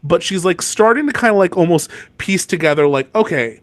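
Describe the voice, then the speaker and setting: A man's voice: sits high, expressive, a little fast, no room sound. A man co-hosting a podcast, chatting casually about a book series, rambling with lots of fillers. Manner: rambling, many "like" fillers, mock outrage. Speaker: podcast co-host. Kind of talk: casual book-discussion chat.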